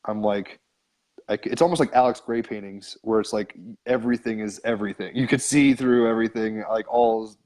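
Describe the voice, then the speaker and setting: A podcast guest with a fairly low male voice tells a long personal story in a loose, conversational way. His speech meanders, with frequent "like"s and casual swearing. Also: steady tone, normal speed, a little mellow. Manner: rambling, filler-heavy, frequent "like", casual swearing.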